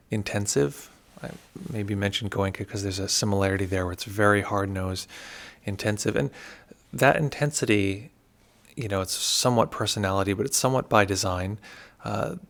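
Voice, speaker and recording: A man teaching meditation on a livestream, telling a story in a relaxed, thoughtful way with frequent digressions. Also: lowish voice.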